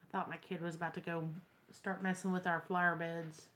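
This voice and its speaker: A woman's voice: on the low side, little pitch movement, fairly quick, fairly bright tone. A young woman with a Texan accent, chatting casually to her viewers and telling wry stories. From Texas. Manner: chatty, storytelling, wry and drawling. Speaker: vlogger. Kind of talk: casual chat to camera.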